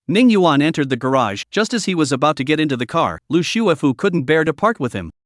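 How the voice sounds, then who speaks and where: Lively, fairly high-voiced male narrator. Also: brisk, dry recording, studio quality. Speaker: recap narrator. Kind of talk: scripted story narration.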